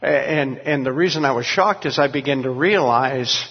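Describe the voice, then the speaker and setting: An older man who is a pastor, telling his story earnestly, halting with many restarts. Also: medium pitch, breathy edge. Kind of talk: testimony in an interview. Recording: dull recording in a long-echo room.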